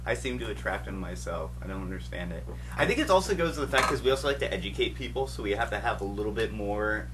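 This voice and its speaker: A low-pitched man with a lively, swinging delivery, sharing a server story on a podcast. His dry, understated humor comes through, and a steady hum and noise sit under the recording. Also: fast. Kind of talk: casual chat.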